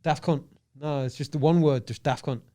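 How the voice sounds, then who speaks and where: A man's voice: on the high side, fairly even intonation, normal speed, mellow. Young teesside guy on a podcast, rambly, swears a lot, like like like. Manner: rambling, sweary, with many "like" fillers. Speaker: podcast guest. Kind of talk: casual podcast chat.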